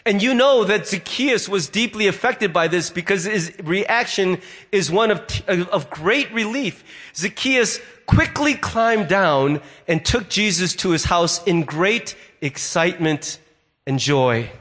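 Man, pastor, sermon, high-pitched voice, storytelling delivery. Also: expressive, measured pace, fairly bright tone. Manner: storytelling, acts out voices in quotes.

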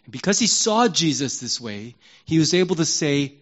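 Male pastor, sermon, candid and emphatic, slightly high voice, dull lo-fi sound. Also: moderate pace. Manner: animated, emphatic preaching that swings between loud and hushed; conversational and candid, acts out prayers in his own voice.

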